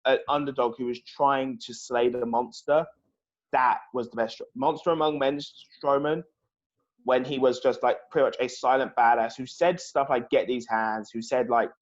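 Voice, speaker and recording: A man's voice: mid-range voice, fairly even intonation, moderate pace. Ranting man on a dull lo-fi mic. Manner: ranting, profane, exasperated. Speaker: podcast co-host. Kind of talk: casual review chat. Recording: slightly dull lo-fi audio.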